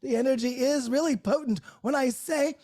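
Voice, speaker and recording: A woman's voice: sits high, fairly quick, dark tone. A woman hosting a live group call from her home, talking in an effusive, unscripted way, laughing often and restarting her words. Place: her own home, great room by a Christmas tree.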